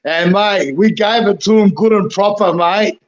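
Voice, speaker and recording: Australian man, high voice, blokey, stammering, says mate and bro, dull lo-fi sound. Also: unhurried. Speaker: fan guest. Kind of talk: casual footy chat.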